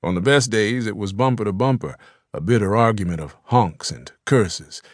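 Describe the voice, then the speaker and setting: Low-voiced man reading a novel aloud. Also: moderate pace, no echo, clean studio sound. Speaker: audiobook narrator. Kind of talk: scripted narration.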